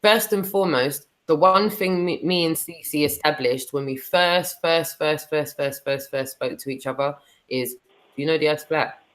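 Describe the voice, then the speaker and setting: A woman's voice: low voice, unhurried, low-quality recording. A woman with a British accent speaking in a defiant, blunt, slangy way during a casual online conversation. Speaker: co-host.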